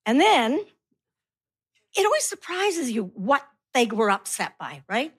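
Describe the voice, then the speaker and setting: A woman's voice: sits high, a little slow, slightly rough. A middle-aged woman performing a stand-up routine, telling stories and acting out her kids and herself. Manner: animated storytelling, acts out her kids and herself. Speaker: stand-up comedian.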